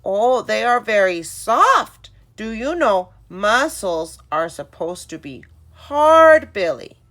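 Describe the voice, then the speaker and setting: A woman voicing a friendly male weightlifter gently explaining muscles to a child. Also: mid-range voice, very animated, takes it slowly. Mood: instructive.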